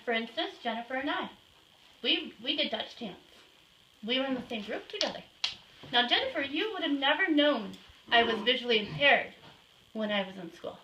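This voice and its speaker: Bright-voiced woman talking patiently to children. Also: a little high. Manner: plain, patient explaining, pausing to give dog commands. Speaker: guest speaker with a guide dog. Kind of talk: casual talk to children. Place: indoors in a home. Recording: roomy, distant home-video sound with faint noise.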